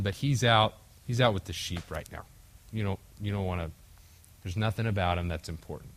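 A man's voice: low voice, fairly quick. A young man preaching a casual sermon, acting out the quoted voices of the story, with a few slips along the way. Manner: conversational, acts out quoted voices, occasional slips. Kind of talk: casual sermon with group discussion.

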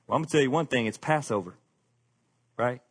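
A man's voice: mid-range voice, quick pace, breathy edge. A man preaching a sermon, with rising emphasis and casual asides to the congregation. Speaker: pastor.

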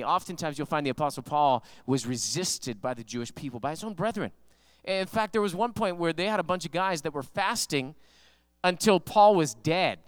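A male pastor preaching a sermon, animated and conversational, telling stories with emphatic rises in his voice. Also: a little high, clean tone, dry recording.

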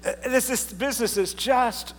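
A pastor preaching a casual, joking sermon and reading scripture aloud with drama. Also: male voice, very high voice, normal speed, long reverb tail, a little hiss or hum. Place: church sanctuary.

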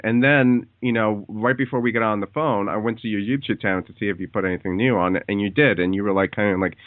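A man hosting a casual phone interview, talking in a hesitant, halting way with many fillers. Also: lowish voice, no room sound. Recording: tinny phone line, dry.

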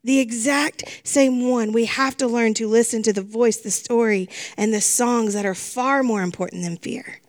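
A middle-aged woman preaches a sermon in a fairly high voice. She speaks earnestly and leans on repeated phrases to drive her point home. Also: steady tone, normal speed, hardly any pauses. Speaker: pastor.

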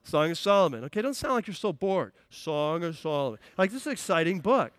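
A man preaching a sermon as pastor, energetic and playful, acting out voices with humor. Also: high-pitched, fast talker, no room sound. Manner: energetic, playful, acts out quotes. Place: church.

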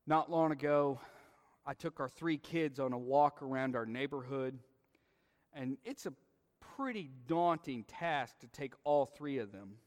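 A man's voice: medium pitch, a little slow. A man in his thirties preaching a sermon, telling a family story in an earnest, heartfelt way and closing in prayer. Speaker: pastor. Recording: long reverb of a large hall.

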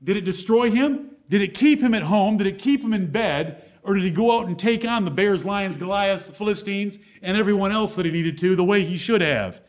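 A man's voice: high voice, a little fast, few pauses. A male pastor preaching a sermon, driving points home with rhetorical questions.

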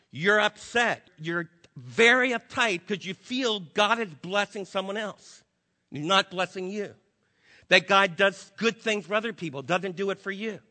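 High, bright-voiced preaching man. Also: in a large hall. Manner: emphatic preaching with rhetorical questions and repetition. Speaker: pastor. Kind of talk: sermon.

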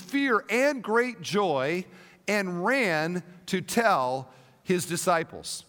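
High-voiced pastor preaching in a big hall. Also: male voice, extremely slow. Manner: animated, dramatic storytelling with rhetorical questions. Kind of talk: sermon.

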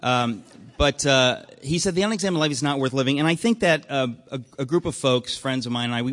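A man hosting a live event, introducing the speaker with deadpan jokes and a rambling manner full of fillers. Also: mid-range voice, long reverb tail. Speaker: event host. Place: event hall with an audience.

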